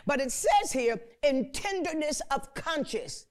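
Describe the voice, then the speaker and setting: A woman's voice: high voice, lively intonation. A woman preacher delivering a fervent sermon, stretching out key words, repeating herself with stammered restarts and breaking into prayerful exclamations. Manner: fervent, repetitive, stammering restarts, call-and-response; slow drawn-out emphasis and prayerful exclamations.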